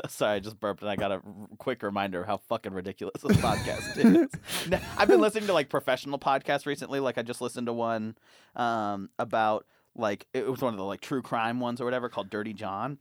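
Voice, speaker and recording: A man's voice: mid-range voice, lively intonation, a little fast, dry recording, studio quality. A young man hosting a casual podcast, swearing and laughing as he rambles through stories. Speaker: podcast host.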